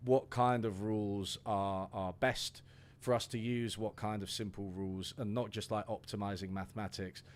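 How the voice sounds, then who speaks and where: A man's voice: lowish voice, little pitch movement, moderate pace, smooth. A man, a guest talking through an economics idea in a loose, rambling way with restarts and fillers. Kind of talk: casual discussion.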